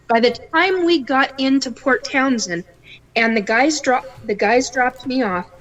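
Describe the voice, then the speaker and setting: A middle-aged woman, a guest on a talk show, tells her stories in a lively, animated way and acts out the voices of the people in them. Her voice sits fairly high. She takes her time and lets the words come slowly. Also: highs cut off. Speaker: psychic guest. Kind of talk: casual storytelling interview.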